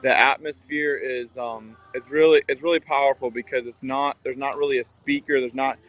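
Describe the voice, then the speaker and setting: A man giving a casual, relaxed report from outside an auditorium, with many fillers. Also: mid-range voice, moderate pace. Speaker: guest reporting on location. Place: outdoors by an auditorium.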